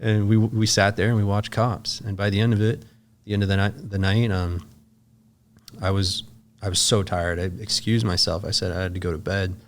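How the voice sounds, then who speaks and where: A man with a somewhat low voice recounts a story as a podcast guest. His speech is loose and casual, peppered with filler words and cursing. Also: little pitch movement, normal speed, a little hiss or hum. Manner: loose and profane, full of "like" fillers.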